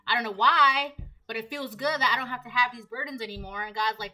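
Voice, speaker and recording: A woman giving a casual tarot reading, chatty and rambling, slipping into quick voiced asides. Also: on the high side, bright, forceful tone, faint music behind, low-quality recording. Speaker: tarot reader.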